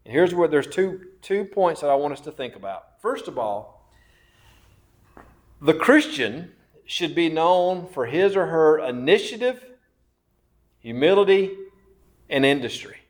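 A man preaching a sermon, slow and emphatic, repeating phrases and asking questions of his listeners. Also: a little high, animated. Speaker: pastor.

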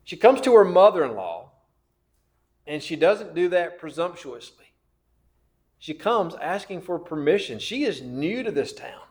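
Slow, lively preaching man. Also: a little high. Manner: slow, emphatic preaching with repeated phrases and questions. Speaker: pastor. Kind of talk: sermon.

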